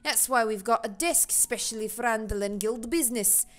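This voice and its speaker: A woman voicing a gruff male seafaring innkeeper in a shaky put-on brogue, reading game dialogue aloud. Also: a little high, expressive, moderate pace, fairly bright tone. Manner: wobbly put-on pirate-style brogue.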